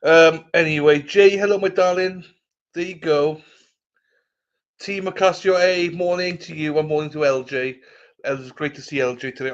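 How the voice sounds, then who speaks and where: A man's voice: fairly high pitch, fairly even intonation, moderate pace. A man hosting a casual livestream chat. He greets viewers by name and swears freely as he rambles. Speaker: livestream host. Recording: slightly muffled lo-fi audio.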